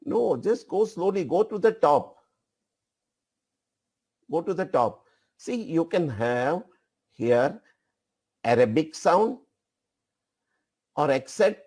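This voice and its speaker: A man leads a software training session, directing an assistant and repeating his phrases as he goes. He speaks slowly with a fairly high but mellow tone. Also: slightly rough. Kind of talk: live software demonstration.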